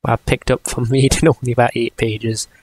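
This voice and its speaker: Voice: little pitch movement, moderate pace, husky. Rambling vlogger. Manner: rambling, self-interrupting, often drops into high squealing impressions. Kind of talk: casual storytelling vlog chat.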